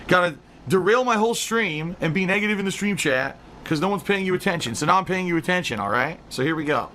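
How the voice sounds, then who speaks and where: A man's voice: sits high, lively intonation, brisk, a little hiss or hum. A man livestreaming and talking straight to his viewers in a heated, profane rant. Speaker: live streamer. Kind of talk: ranting stream commentary. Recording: loud music playing over the voice.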